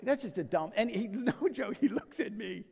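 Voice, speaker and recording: A man's voice: sits high, animated, moderate pace, creaky, darkish tone, husky. A man preaching a sermon as pastor, emphatic and full of rhetorical questions and personal stories. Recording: long church reverb.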